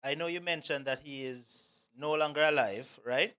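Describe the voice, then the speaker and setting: An interviewer asking gentle, hesitant questions. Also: medium pitch, moderate pace, clear, resonant tone. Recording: quiet voice, distant from the mic.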